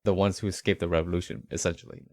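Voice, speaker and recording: A man's voice: deep voice, level tone, racing, a little mellow, no echo, studio quality. A man co-hosting a casual podcast, asking curious questions and reacting eagerly. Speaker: podcast co-host. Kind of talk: casual chat, interviewing.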